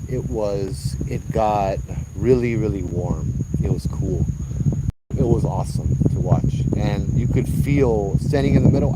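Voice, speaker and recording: A man's voice: lowish voice, background noise. A man guiding a night ghost tour on an outdoor trail, telling stories animatedly and acting out what people said, with frequent restarts. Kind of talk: storytelling on a walking ghost tour.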